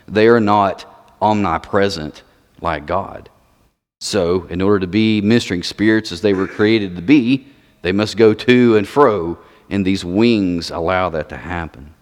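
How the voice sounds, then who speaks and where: A man preaching a sermon, emphatic, repeating words for stress. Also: low-pitched. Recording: long reverb of a large hall.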